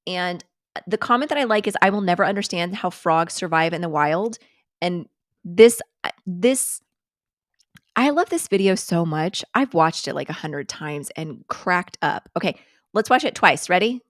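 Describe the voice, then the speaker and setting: A woman's voice: lowish voice, animated, moderate pace, no echo, clean studio sound. Giggly woman host chatting on a stream. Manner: giggly, swears freely, chatty asides. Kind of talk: casual live-stream commentary.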